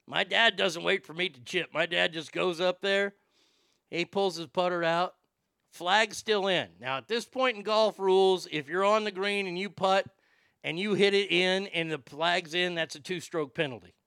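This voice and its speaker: Man, casual profane anecdote, raspy fry, bright edgy tone, dry close sound. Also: sits high, moderate pace, dry recording. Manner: profane, animated, laughing.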